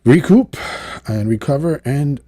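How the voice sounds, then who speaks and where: A man's voice: on the high side, a little slow, no room sound. A man recapping a cartoon episode in casual, rambling talk, acting out the characters' lines and chuckling at asides. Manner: animated storytelling, acts out characters' lines. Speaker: show reviewer.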